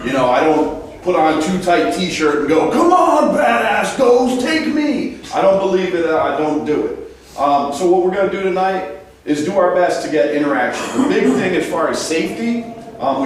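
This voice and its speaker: A man's voice: a little high, moderate pace. Joking man in a big echoey hall. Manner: joking, self-mocking, chatty asides. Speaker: ghost hunt host. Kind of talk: casual briefing to a live group. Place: large echoey stone building indoors. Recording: echoey hall, voice from far off, faint noise.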